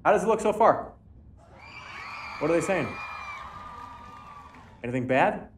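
A man streaming casually, building a toy train set, swearing and breaking into sudden loud outbursts. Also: on the high side, animated, unhurried, distant mic, some chatter behind, slight background noise. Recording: echoey room.

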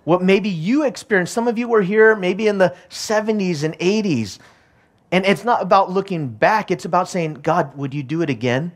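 A man's voice: high-pitched, moderate pace. A middle-aged male pastor giving a sermon, moving from a personal story to urgent, repeated exhortation.

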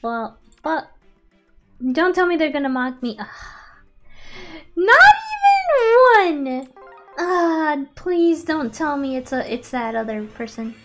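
A woman's voice: high voice, normal speed, faint music behind. A young woman streaming a game, chatting playfully with frequent laughs and switching between two languages. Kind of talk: casual chat.

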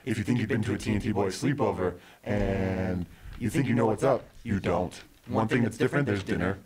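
A man's voice: on the low side, a little fast, a crowd in the background. A young man co-hosting a joking youth announcement with dry wisecracks. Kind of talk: casual joking chat.

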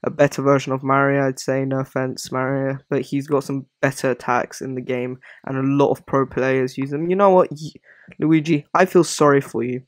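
Rambling, apologetic young-sounding gamer. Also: male voice, mid-range voice, flat delivery, normal speed, dry recording. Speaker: gaming video creator. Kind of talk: casual commentary on a character ranking.

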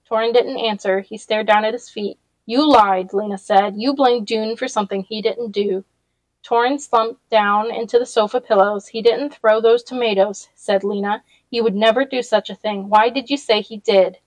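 A woman reading a novel aloud in a relaxed read-along style, with small restarts as she goes. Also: mid-range voice, moderate pace, no room sound, poor audio.

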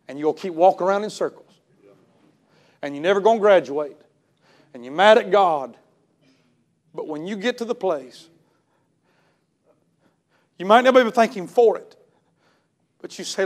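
Male preacher, very high voice, impassioned revival sermon, shouts then hushes. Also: animated. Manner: impassioned, swings between shouting and hushed tones; storytelling, retells others' words with drawn-out emphasis. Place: church service.

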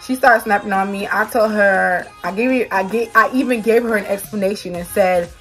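A woman vlogger telling a storytime to her viewers, animated and swearing freely. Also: medium pitch, normal speed, faint music behind. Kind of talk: storytime vlog.

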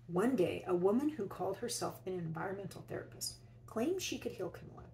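A woman teacher reading a children's picture book aloud, expressively, and pausing to ask her young listeners questions. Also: medium pitch, expressive, mellow, slight background noise, rough recording. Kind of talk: children's read-aloud storytelling.

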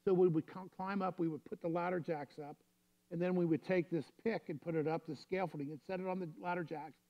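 A man's voice: sits high, fairly even intonation, a little fast. Lo-fi man preaching a sermon. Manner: storytelling, conversational preaching. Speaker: pastor.

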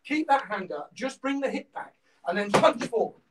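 A man's voice: very high voice, expressive, moderate pace, far from the mic, very noisy. A man with a Norfolk accent teaching an online martial arts class, breaking down punch technique step by step and checking in with "okay?" as he goes. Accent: Norfolk English. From England. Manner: instructive, peppers talk with "okay?"; shouts counts during drills.

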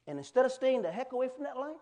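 An animated male pastor preaching in a fairly high voice. He talks in a loose, conversational way and often turns to quiz his congregation. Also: rapid-fire. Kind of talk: sermon.

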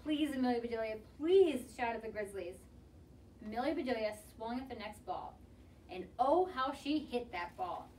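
A woman reading a children's picture book aloud in an expressive, lively way. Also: a little high, moderate pace, a little hiss or hum. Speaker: storybook reader. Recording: distant mic with faint ambience.

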